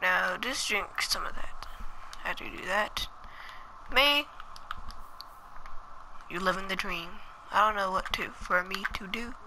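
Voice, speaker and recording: A woman runs casual gameplay commentary in a loose, slangy way, talking to her viewers and muttering asides to herself. Her voice is very sharp and bright, and it sits in an ordinary pitch range for a woman. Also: a little slow, pauses often, slight background noise, poor audio. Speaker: gaming channel host.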